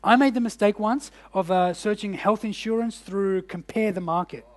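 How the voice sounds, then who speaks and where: A man's voice: high-pitched, moderate pace. A man coaching a live audience of business owners in a casual, jokey way, asking the room questions. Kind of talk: workshop presentation to a live audience. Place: indoor event room.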